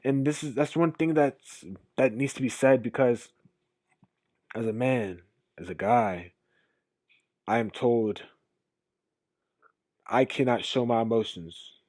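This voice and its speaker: A man's voice: mid-range voice, slow, pauses often, no echo. Brief: young male streamer, rambling emphatic reaction talk, dry close sound. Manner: emphatic, rambling, swings between loud and quiet. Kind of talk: casual reaction commentary.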